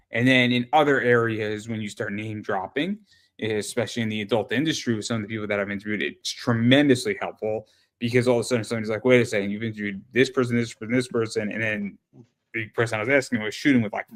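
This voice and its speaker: A man's voice: mid-range voice, a bit bright. A man hosting an interview show, talking casually and rambling, often repeating words as he starts a thought.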